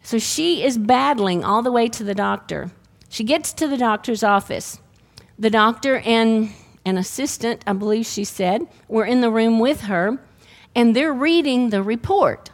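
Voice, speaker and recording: A woman preacher with a fairly high voice. She delivers a sermon through lively personal storytelling, chuckling at her own tales as she goes. She sounds middle-aged. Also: a little slow.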